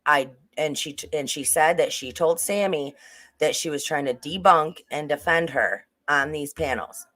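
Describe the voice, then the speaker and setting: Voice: mid-range voice, moderate pace, bright, forceful tone. A livestream host giving casual true-crime commentary, rambling with frequent restarts and asides to the chat.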